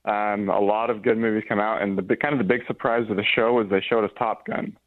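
A man's voice: on the low side, fairly even intonation, quick pace, dry recording. A man, a theater general manager, calling in as a radio guest and gushing with enthusiasm. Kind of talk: remote radio interview. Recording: tinny phone line.

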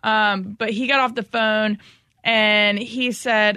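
A woman's voice: mid-range voice, level tone, measured pace, bright, forceful tone, clear, resonant tone, no echo, studio quality. A woman co-hosting a casual radio podcast, wry and laughing. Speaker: radio co-host.

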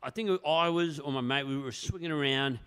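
A man's voice: on the high side, brisk, fairly bright tone, smooth. A man guest on a comedy podcast, telling a story in a rambling way and laughing often.

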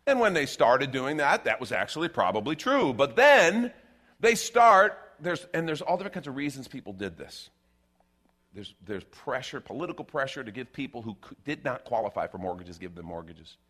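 A man preaching a sermon in an animated, rhetorical way, with sarcastic asides. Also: mid-range voice, fairly quick.

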